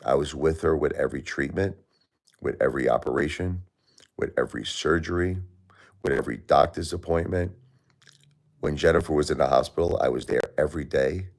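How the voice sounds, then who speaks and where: In an emotional livestream, a middle-aged host addresses his chat about his grief, flaring into heated indignation when angry. His voice is very deep and darkish, and his delivery brisk.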